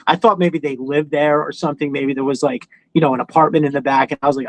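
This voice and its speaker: Podcast host, New York man with a New York accent, higher pitched voice, dry close sound, loose rambling storyteller who swears. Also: steady tone, quick pace, hardly any pauses, no room sound, low-quality recording. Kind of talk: casual chat.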